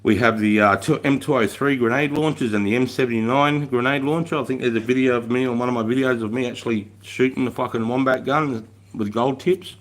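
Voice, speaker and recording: A man's voice: mid-range voice, steady tone, a little fast. An Australian army veteran hosting a casual live stream, talking bluntly with plenty of swearing and stumbling restarts as he answers viewers' questions. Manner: blunt, heavy swearing, repeats and restarts words; reads out and answers viewer chat. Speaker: livestream host, army veteran.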